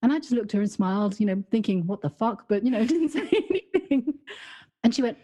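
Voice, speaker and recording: A woman's voice: on the high side, expressive, fairly quick, mellow. A woman, co-hosting a podcast in casual, reflective conversation and telling stories with frequent laughter. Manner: reflective, storytelling, laughs often. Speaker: podcast co-host.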